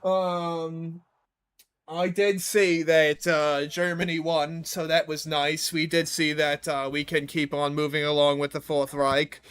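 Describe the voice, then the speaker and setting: A young male streamer chatting over a game with rambling, self-mocking humor and casual swearing. His voice sits a little higher than most men's. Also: level tone, slow, fairly bright tone, smooth. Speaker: gaming streamer. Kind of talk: casual gameplay commentary.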